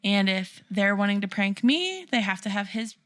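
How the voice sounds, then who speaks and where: A woman's voice: mid-range voice, normal speed, no echo, clean studio sound. A woman in her thirties, a podcast co-host, telling a funny family story in casual chat and acting out what people said. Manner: animated storyteller, acts out quotes with laughter.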